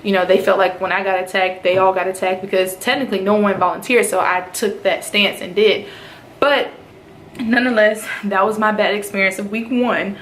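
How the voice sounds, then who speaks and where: A woman from North Carolina, a nurse in officer training, telling her story in a casual vlog. She talks in an animated way and acts out the lines other people said to her. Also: mid-range voice, fairly quick. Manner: animated retelling, acts out quoted speech. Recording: roomy echo, faint background noise.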